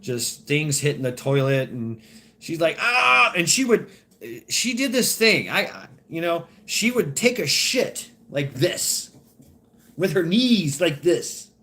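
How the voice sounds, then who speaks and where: A man rambles through a crude, profane story in casual vlog style. His voice sits a little higher than most men's, and he keeps breaking into laughs between his restarts. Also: sing-song, takes it slowly, fairly bright tone. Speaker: vlogger.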